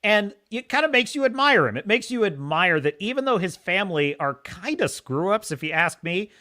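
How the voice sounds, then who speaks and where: A man's voice: sits high, very animated, moderate pace, sharp tone. A man hosting a podcast, giving opinionated casual commentary in a mocking way and laughing often. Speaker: podcast host.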